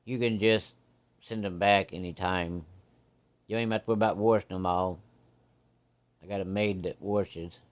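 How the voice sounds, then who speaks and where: Casting: male storyteller as a homespun old country doctor, warm-hearted advice, slightly raised voice. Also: sits low, steady tone, moderate pace, pauses often, lightly acted. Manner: folksy, homespun, fatherly. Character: kindly, plainspoken old frontier doctor.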